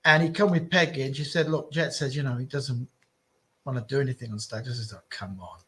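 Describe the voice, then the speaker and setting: A middle-aged man telling stories in a casual podcast chat, animated and repeating his phrases. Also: medium pitch, brisk. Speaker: guest telling his story. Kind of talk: casual storytelling.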